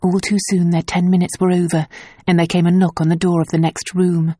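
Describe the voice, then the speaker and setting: A woman reading a novel aloud as an audiobook narrator, in a measured, even storytelling voice. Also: fairly low pitch, dry recording, clean studio sound. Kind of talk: scripted narration.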